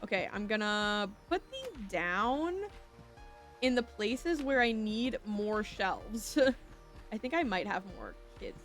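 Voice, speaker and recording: A woman's voice: medium pitch, sing-song, slow pace, fairly bright tone. A young woman streaming a shop game, chatting casually and giggly, reading chat aloud and slipping into a playful whiny voice. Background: game music.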